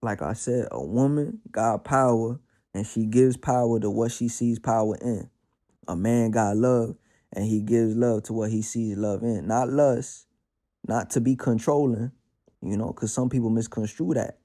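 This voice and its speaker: Speaking at a measured pace in a medium-pitched, dark-toned voice, a New York-accented podcast host from the Bronx reflects on spiritual matters at home with his cat. His musing is casual, slangy, and streetwise, full of filler words.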